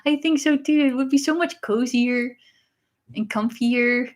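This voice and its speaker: A woman, hosting a casual livestream and answering viewers in a chatty way, often pausing with uh and um. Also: sits high. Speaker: livestream host reading viewer messages.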